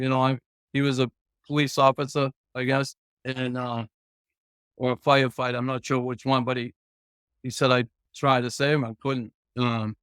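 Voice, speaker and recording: A retired pro hockey player telling rambling, profane stories as a guest in a casual interview, chuckling along the way. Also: male voice, medium pitch, fairly bright tone, clean tone, dry recording, studio quality.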